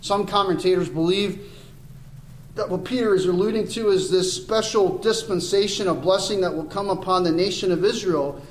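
A man with a high voice preaches a verse-by-verse sermon, earnest and rising to emphatic points. His voice rings around an echoey church sanctuary, with faint room ambience behind it. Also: moderate pace, a little hiss or hum. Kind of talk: expository sermon.

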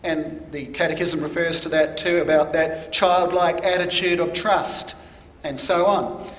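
A man preaching a sermon in a measured, deliberate teaching manner, stressing key words. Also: fairly high pitch, fairly bright tone. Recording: echoey hall.

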